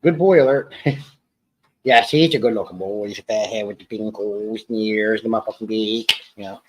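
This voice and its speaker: A man's voice: fairly low pitch, normal speed, poor audio. A man casually hosting a home live stream, rambling and joking as he answers chat and people in the room.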